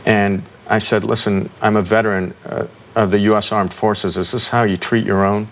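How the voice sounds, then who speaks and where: A middle-aged man, a guest in an interview, recounting an ordeal in a halting way with many ums and restarts. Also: fairly low pitch, level tone, a bit bright.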